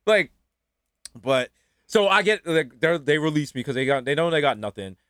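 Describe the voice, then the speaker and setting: A man from the Bronx, telling stories on a podcast and jumping into high mocking voices for quotes. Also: lively intonation, fairly quick, a bit bright, dry recording, clean studio sound. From the Bronx, New York. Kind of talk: storytelling.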